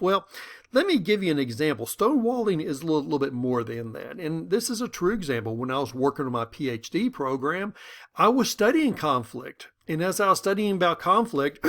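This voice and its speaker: A man lecturing on conflict management, telling personal stories and acting out the dialogue in them. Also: on the high side. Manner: animated storytelling that acts out dialogue.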